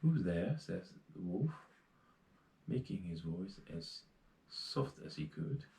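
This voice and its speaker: Dutch guy reading a fairy tale in english, deep mellow voice, slow, some slips. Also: very animated, vocal fry, echoey room, rough recording. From Netherlands. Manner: plain reading with small slips and restarts. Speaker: reader.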